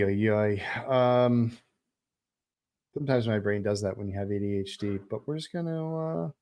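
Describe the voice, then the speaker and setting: A man's voice: lowish voice, darkish tone. A middle-aged man, a film director, chatting casually on a livestream and answering viewer questions, rambling with lots of fillers. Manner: rambling, many fillers and restarts.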